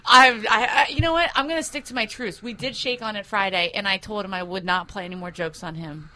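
Woman co-host on a radio show, giggly and chatty, bright voice. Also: mid-range voice, a little fast, low-quality recording. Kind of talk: casual radio chat. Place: radio studio.

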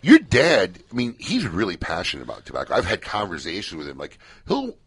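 A man co-hosting a live radio talk show in a studio, telling stories in an animated way. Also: low-pitched, brisk, breathy edge. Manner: animated storyteller, acts out shouting bits. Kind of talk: casual radio chat.

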